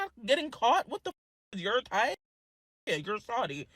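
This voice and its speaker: A woman telling a story in a crude, animated way, swearing freely. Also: fairly high pitch, normal speed, no echo, studio quality. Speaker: vlogger. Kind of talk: casual storytelling.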